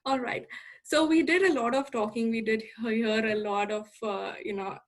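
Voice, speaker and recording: A woman's voice: a little high, steady tone, normal speed. Upbeat woman hosting an interview. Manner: upbeat, encouraging, many you-knows. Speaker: podcast host.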